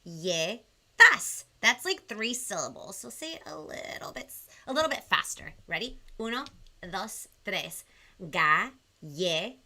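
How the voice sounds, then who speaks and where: Super bright bubbly lady hosting a kids show, voice bouncing all over. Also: fairly high pitch, very animated, moderate pace, vocal fry. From Southern California. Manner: bubbly, counts along, switches between English and Spanish. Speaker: host of a children's bilingual show. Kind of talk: live-stream kids' show hosting. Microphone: video call.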